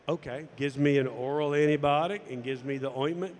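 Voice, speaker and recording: Guy telling a story, fairly high voice, echoey reverb behind him. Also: brisk, few pauses. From United States. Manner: animated storytelling, acting out dialogue. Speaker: golf instructor and former tour pro. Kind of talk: personal story told to camera.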